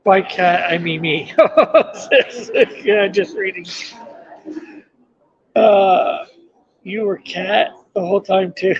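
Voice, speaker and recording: A man's voice: high-pitched, extremely slow. A man in his fifties, streaming casual chat from a bus station and laughing often. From Canada. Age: 50s. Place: indoor bus station waiting area. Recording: dull lo-fi recording.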